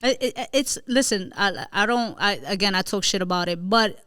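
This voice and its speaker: A woman's voice: medium pitch, moderate pace, bright, forceful tone, smooth, no echo, studio quality. A woman from the Bronx, hosting a casual interview in a slangy, easygoing way. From the Bronx, New York. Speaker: podcast host.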